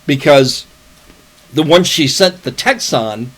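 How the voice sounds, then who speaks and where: A man's voice: on the high side, animated, slow pace, a bit bright, husky. A middle-aged man co-hosting a podcast, telling a long story in casual chat, swearing often and restarting his sentences. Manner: profane, rambling storytelling with restarts. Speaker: podcast co-host.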